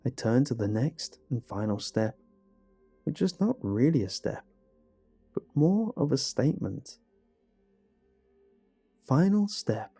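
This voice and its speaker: A man narrating a first-person horror story in a measured, hushed way. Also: fairly low pitch. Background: faint music.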